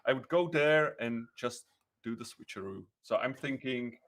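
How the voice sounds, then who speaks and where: A man playing a tabletop game, relaxed and thinking out loud. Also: mid-range voice, moderate pace. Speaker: player. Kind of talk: casual tabletop play.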